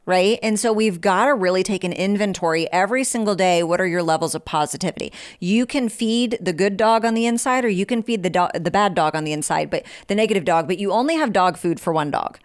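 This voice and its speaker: A woman's voice: medium pitch, fast, hardly any pauses. Frank, coaching woman podcaster. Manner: direct, coaching, frank and informal. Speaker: podcast host. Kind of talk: motivational podcast talk.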